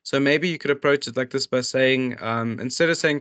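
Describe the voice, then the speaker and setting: Man, tutor, online lesson, reading and explaining workbook questions, halting with restarts and fillers. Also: mid-range voice, a bit bright. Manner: reads questions aloud then explains them. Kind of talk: walking students through a workbook.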